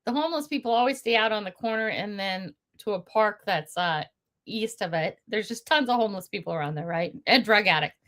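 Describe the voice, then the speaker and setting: Speaking quickly with an expressive, fairly bright mid-range voice, this older female livestream host is chatty. She laughs often as she tells stories and throws in blunt, indignant comments.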